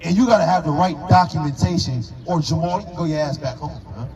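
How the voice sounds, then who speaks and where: A man's voice: fairly high pitch, fast talker, low-quality recording. A man preaching on a street corner, firing rhetorical questions with emphatic force. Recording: crowd noise around.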